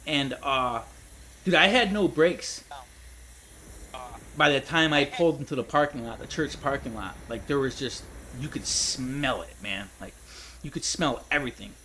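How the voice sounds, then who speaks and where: A man's voice: mid-range voice, moderate pace, bright, forceful tone, a little hiss or hum, low-quality recording. Rambling, laughing man telling stories. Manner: rambling, laughs a lot, says dude and man. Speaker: gaming streamer. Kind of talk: casual storytelling while gaming.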